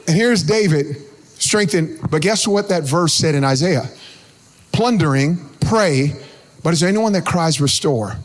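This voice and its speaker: High-voiced pastor preaching with sing-song shouts. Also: male voice, measured pace. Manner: animated preaching with sing-song shouts and crowd call-outs. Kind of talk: energetic sermon.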